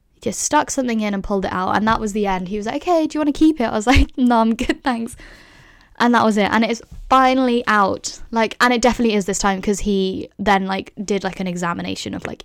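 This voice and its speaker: A woman's voice: mid-range voice, dry recording, clean studio sound. A woman in her twenties from the UK, telling a story in a chatty, casual way with lots of fillers and laughs. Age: 20s. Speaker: vlogger.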